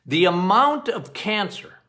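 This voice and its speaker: Middle-aged doctor guy on a podcast, fairly high voice that swings a lot, talks slow and animated, goes off on tangents. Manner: animated, talks straight to listeners, quotes patients in playful voices; goes off on tangents, repeats phrases for emphasis. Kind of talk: health podcast monologue.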